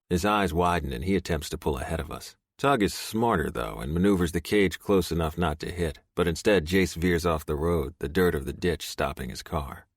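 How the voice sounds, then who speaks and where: A man narrating a romance audiobook in first person, gruff, profane and intense. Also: very deep voice, dry recording, studio quality.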